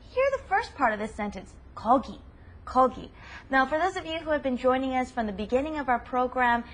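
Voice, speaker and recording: A woman hosts a language lesson in a high, clear voice. She teaches with upbeat emphasis and slows down to drill each word. A faint hiss sits under the recording. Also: a bit bright.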